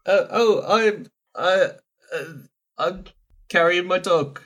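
A woman's voice: fairly low pitch, slow, a bit bright. A woman voicing a timid male skeleton who stammers and hesitates in a tabletop game. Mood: flustered.

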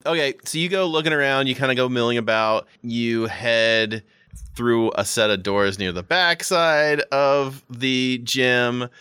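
A man's voice: medium pitch, unhurried, pushed and bright, smooth, no echo, studio quality. A man running a tabletop game as game master, talking casually and swearing freely.

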